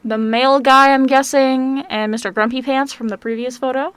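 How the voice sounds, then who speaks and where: Young female gaming host, high voice, bubbly casual reaction commentary, dry close sound. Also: steady tone, normal speed, hardly any pauses, a bit bright, smooth, no echo. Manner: gushing, exclaims "cute" over and over, reads text aloud. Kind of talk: casual reaction commentary while browsing a website.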